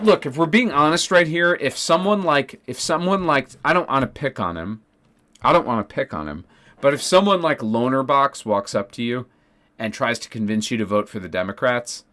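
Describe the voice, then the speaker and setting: A man's voice: medium pitch, fairly bright tone. A young adult man in a casual livestream rant, rambling, restarting his sentences and swearing as he talks politics with his chat. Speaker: political streamer.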